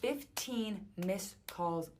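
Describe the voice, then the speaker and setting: A young woman telling a dating story in casual, animated storytime style. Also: mid-range voice, drawn-out words, slight background noise.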